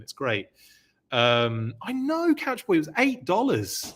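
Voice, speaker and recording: Male host, excitable live-stream presenter, chatty with lots of fillers. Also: high-pitched, takes it slowly. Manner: excited, gushing; chatty, many fillers and restarts. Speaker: podcast host. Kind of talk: live-stream show-and-tell, reading viewer comments.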